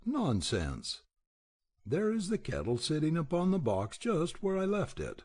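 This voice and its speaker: A man's voice: on the high side, wildly swooping pitch, a little slow, a little mellow, voice pushed up, heavily acted. Man voicing a fussy, scolding old priest. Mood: startled. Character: grumpy, easily startled old male priest.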